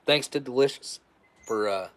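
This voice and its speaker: A man hosting a casual livestream, chatting in a rambling, relaxed way and repeating words as he thanks his viewers. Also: medium pitch, normal speed. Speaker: livestream host. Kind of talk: casual livestream sign-off chat.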